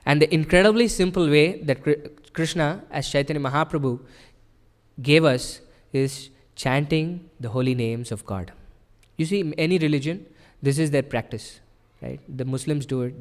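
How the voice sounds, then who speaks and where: Earnest man preaching in a reverberant hall. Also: on the high side. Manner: earnest, explanatory, with frequent rhetorical "right?". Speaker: temple speaker. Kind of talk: devotional sermon. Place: temple hall.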